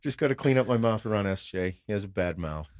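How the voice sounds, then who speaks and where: Speaking quickly in a low-leaning voice, a podcast host swaps family stories in casual chat, cursing freely and acting out others' words with animation. It's a dry, studio-quality recording.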